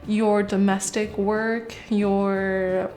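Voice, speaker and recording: A woman's voice: medium pitch, flat delivery, drawn-out words, a little mellow. A woman giving a casual tarot reading to camera, rambling and chatty, with many fillers, and swearing when she gets worked up. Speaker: tarot reader.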